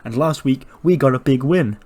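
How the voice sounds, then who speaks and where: A man voicing a brash young male wrestler who talks trash loudly in slang. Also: medium pitch, moderate pace, natural voice. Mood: cocky. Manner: loud, slangy trash talk.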